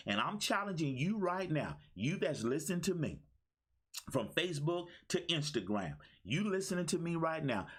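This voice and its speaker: A man's voice: fairly high pitch, slightly rough. Exuberant man in his fifties, preacher-like. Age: 50s. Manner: exuberant, preacher-like call-and-response. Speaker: motivational speaker. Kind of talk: livestream motivational talk. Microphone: phone.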